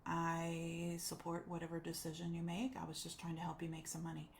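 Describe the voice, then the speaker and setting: Woman coach, lower voice, lively story recounted to an audience, some quiet noise behind. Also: fairly quick. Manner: animated retelling, acts out quoted voices. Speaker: life coach. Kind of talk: personal storytelling talk.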